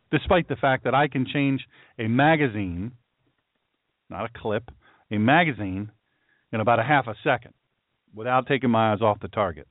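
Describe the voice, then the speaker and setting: A man's voice: mid-range voice, normal speed, long pauses, no echo. A man hosting a talk radio show, delivering a heated political monologue full of repeated rhetorical questions. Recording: tinny phone-like line.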